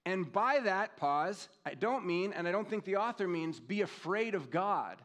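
A man in his fifties preaching a sermon in a conversational, reflective way, reading scripture slowly and telling personal stories. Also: sits high, animated, a bit bright. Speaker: pastor.

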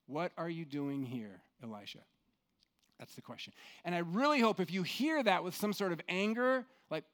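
A man preaching a sermon, telling a story with lively acted-out quotes and dropping to hushed tones for emphasis. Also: fairly high pitch. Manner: animated storyteller, acts out quotes, drops to soft hushed tones. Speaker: pastor.

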